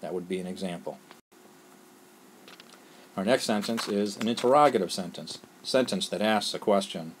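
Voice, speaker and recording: Low-voiced man teaching a patient lesson. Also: normal speed, pauses often, background noise. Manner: patient, explains step by step, checks in with "all right?". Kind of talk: classroom lesson screencast.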